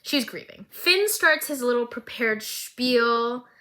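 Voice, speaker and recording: Bright-voiced woman doing an animated recap. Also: on the high side, takes it slowly. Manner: animated, dramatic storytelling. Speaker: recap vlogger. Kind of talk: dramatic casual recap.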